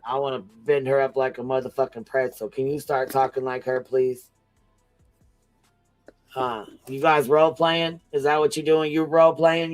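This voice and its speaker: Man hosting a crude livestream roast, smooth voice, laughs a lot. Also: mid-range voice. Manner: laughs often, mocking, swears freely. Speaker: livestream panel host. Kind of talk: profane livestream commentary.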